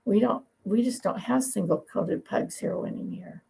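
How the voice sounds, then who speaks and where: A woman's voice: mid-range voice, normal speed, vocal fry, warm tone, a little hiss or hum, low-quality recording. A woman dog breeder being interviewed, telling long, opinionated stories in a chatty way and laughing now and then. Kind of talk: conversational interview storytelling.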